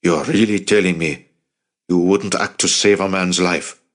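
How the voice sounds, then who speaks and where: A man's voice: steady tone, unhurried. A man doing a stern, commanding uncle. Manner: low, firm, commanding. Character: stern, fierce middle-aged uncle.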